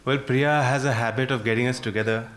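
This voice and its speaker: A man with an Indian English accent speaking as a party leader on a TV panel, relaxed and evasive, with ready quips. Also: medium pitch, fairly quick. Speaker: party vice president, panel guest. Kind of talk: panel debate.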